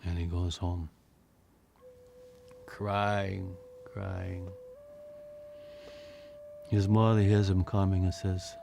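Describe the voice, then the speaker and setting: Slow, gravelly Hawaiian storyteller man. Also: low voice, flat delivery, noisy background. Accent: Hawaiian Pidgin. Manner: dramatic, emphatic repetition. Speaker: teacher storyteller. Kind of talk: oral storytelling. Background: instrumental music.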